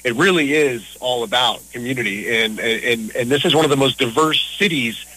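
A man's voice: medium pitch, moderate pace, bright, forceful tone, poor audio. A middle-aged man talking casually as an interview guest, earnest and a bit rambling. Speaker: interview guest, local business owner.

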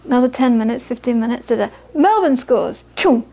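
Brief: high-pitched woman, Buddhist teacher, storytelling talk. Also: brisk, creaky. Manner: storytelling, animated when quoting, soft and hushed on inner peace. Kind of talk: dharma talk with anecdotes.

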